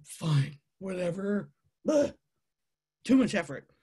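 A woman's voice: on the low side, big pitch swings, slow pace, mellow, husky, full character voice. A woman voicing a big hungry female tarantula who talks in a coy, drawling way. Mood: bored.

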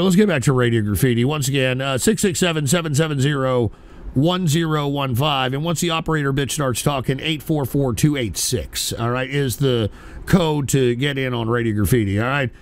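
A man's voice: medium pitch, moderate pace. A profane, easily riled man hosting a call-in radio show.

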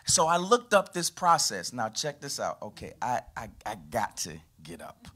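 A man, a pastor preaching a lively sermon to his congregation, his voice rising and falling from loud to quiet. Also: moderate pace, breathy edge. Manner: animated preaching with sweeping pitch and volume. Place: church.

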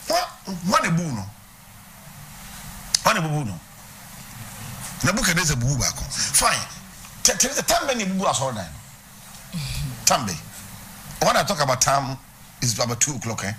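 A man's voice: a little high, background noise. A man with a Ghanaian accent preaching a sermon, teaching and putting questions to his congregation. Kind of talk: sermon mixing Twi and English. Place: church.

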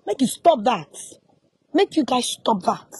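Angry high-voiced Ghanaian woman ranting. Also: very animated, measured pace, darkish tone, slightly rough. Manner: angry, scolding, repeats her questions. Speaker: music promoter. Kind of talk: heated live rant.

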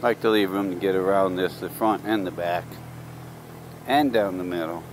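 A man's voice: low-pitched, normal speed, low-quality recording. A man talking casually while he rides his motorcycle, rambling through stories for his vlog on a helmet mic. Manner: rambling, chatty storytelling. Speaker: motovlogger. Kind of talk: casual ride commentary. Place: outdoors on a moving motorcycle. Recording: wind and road noise.

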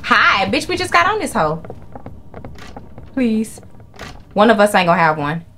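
A young woman hosts her own horror gaming video, swearing freely and reacting in jumpy bursts. Her voice sits at a middle pitch but swings widely and animatedly between highs and lows. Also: measured pace, noisy background. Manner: excitable, profane, jumpy reactions. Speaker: gaming channel host. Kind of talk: live horror game commentary.

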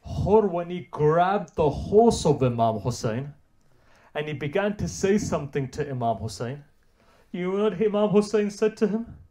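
A man's voice: sits high, expressive, normal speed, dark tone. A man delivering a Muharram sermon, retelling a story with rising and falling emotional intensity. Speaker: religious speaker.

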